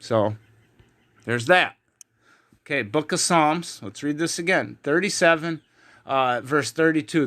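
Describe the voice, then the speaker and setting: A man's voice: a little high, a little slow, long pauses, fairly bright tone. A man teaching from the Bible in an online video, heated and emphatic, with frequent fillers. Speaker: preacher.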